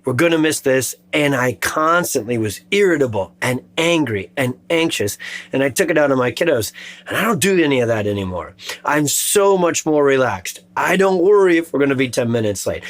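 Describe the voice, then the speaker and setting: A man, a chiropractor, giving an earnest, encouraging health talk and telling patient stories. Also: on the high side. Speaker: chiropractor and show host. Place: clinic in the Chicago suburbs.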